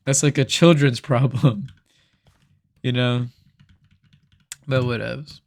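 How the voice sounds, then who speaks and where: Soft-spoken young man rambling. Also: mid-range voice, flat delivery, a little slow, pauses often, no echo. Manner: rambling, candid, laughs often; speaks softly while recording. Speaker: gaming video creator. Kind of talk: casual gameplay commentary. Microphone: desk microphone.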